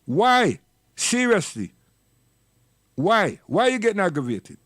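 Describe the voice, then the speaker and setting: Man with a high voice, preachy and scolding, dry close sound, for a livestream rant. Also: sing-song, a little slow, fairly bright tone, no room sound. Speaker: livestream commentator. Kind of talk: impassioned livestream monologue.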